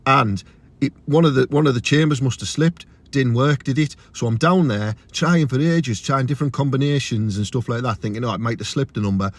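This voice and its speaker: A young man with a Teesside accent delivering a crude, swearing comic rant to camera, his voice jumping high when he gets outraged. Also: brisk. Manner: crude, ranting, swears freely, big pitch jumps when outraged. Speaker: comedian.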